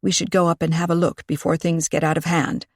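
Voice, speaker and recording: A woman reads a practical woman friend who takes charge with brisk, firm lines. Her voice is lowish and the recording dry and close. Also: level tone, breathy edge, no room sound. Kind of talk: audiobook character reading.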